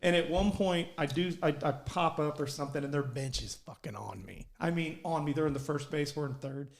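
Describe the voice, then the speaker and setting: A man telling animated, profane stories on a casual podcast and shouting out his coach's lines. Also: on the high side, fairly quick, gravelly. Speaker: podcast co-host. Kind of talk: casual storytelling chat.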